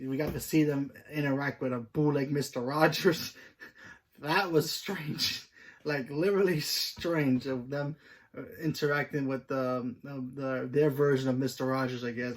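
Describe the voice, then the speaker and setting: A man's voice: mid-range voice, flat delivery, normal speed. A man hosting his own channel, giving a casual, rambling review of a TV episode with plenty of fillers and restarts. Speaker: host.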